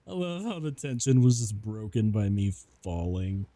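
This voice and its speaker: A man's voice: lowish voice, mellow, dry recording. A man commentating his own game stream, chatty and self-deprecating, laughing often. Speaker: VTuber streamer.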